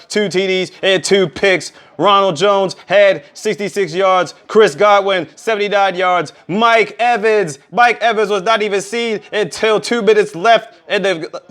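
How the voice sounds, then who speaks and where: A man giving a casual, energetic recap of football scores, full of trash talk. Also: high voice, clean tone. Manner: energetic, trash-talking, repeats "bottom line is". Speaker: sports recap vlogger. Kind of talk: casual sports recap monologue.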